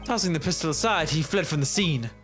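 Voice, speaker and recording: Fan-dub casting: a man voicing a self-important know-it-all young witness, lecturing, animated delivery. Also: fairly high pitch, fast talker, faint music behind. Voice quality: pompous, lecturing. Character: pompous, long-winded male science student witness. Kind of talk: fan voice acting of a game.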